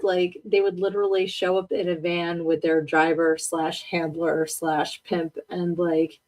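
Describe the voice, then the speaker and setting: A woman with a lowish, slightly mellow voice hosts a casual live podcast, chatting and joking with her audience and laughing often in a live-stream style.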